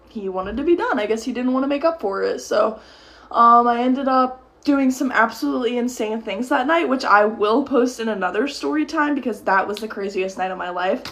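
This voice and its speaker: A woman's voice: a little high, fairly bright tone. A young woman telling a casual storytime to camera, rambling and heated, swearing and using lots of fillers. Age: young adult. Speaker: storytime creator. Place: at home at a mirror.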